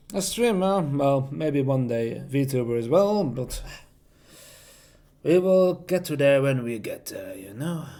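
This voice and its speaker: A man streamer and hobby voice actor giving a casual spoken self-introduction, with halting, loosely strung phrasing. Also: on the high side, a little mellow.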